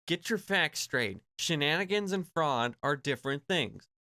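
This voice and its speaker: Man, sarcastic streamer, reaction commentary, smooth clear voice, dry close sound. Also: on the high side, big pitch swings, normal speed, sharp tone, no room sound. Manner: sarcastic, laughing, profane.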